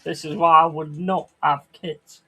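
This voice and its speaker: Husky man ranting on stream. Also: on the high side, flat delivery, measured pace, pushed and bright. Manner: crude, swearing, ranting. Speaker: streamer reading chat. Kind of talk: casual livestream chat.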